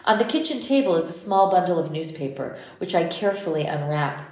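Low-voiced woman narrating an audiobook. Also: lively intonation, fairly quick, a little mellow. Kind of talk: first-person audiobook narration. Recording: roomy echo.

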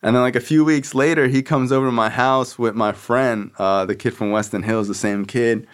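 A man's voice: medium pitch, fairly even intonation, normal speed, smooth. A man hosting a podcast, telling a personal story in casual, slangy speech full of "like" and swearing. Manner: slangy, profane, fills with "like", acts out friends' voices. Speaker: podcast host.

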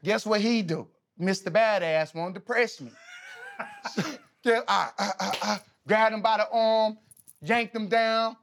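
A man in his thirties, a podcast guest, telling stories in a casual, animated, slangy way, often laughing. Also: sits high, slow pace, gravelly, a little hiss or hum. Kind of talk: casual storytelling.

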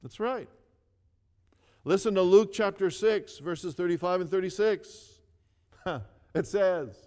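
Brief: male preacher, slow and earnest storyteller, slightly high voice, reverberant hall sound. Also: darkish tone. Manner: earnest storytelling, repeats phrases, asks the listeners to read along. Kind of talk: sermon.

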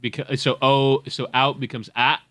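A man's voice: medium pitch, flat delivery, moderate pace, sharp tone, no room sound, clean studio sound. A man hosting a podcast, asking curious questions and laughing easily in casual chat.

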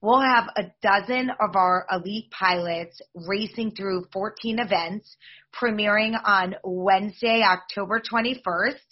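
A woman in her forties speaks as a podcast guest, selling her league with upbeat, promotional energy. Her voice is husky and mid-pitched. The audio sounds slightly dull, as over a remote link. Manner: upbeat, promotional, fast-flowing. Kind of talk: podcast interview answers.

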